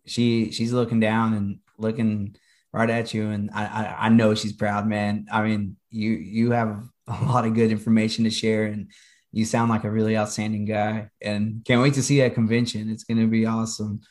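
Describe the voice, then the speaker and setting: A man's voice: lowish voice, little pitch movement, normal speed, a little mellow. A man co-hosting a podcast interview, rambling in a supportive way with many fillers. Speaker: podcast co-host. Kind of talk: casual interview chat.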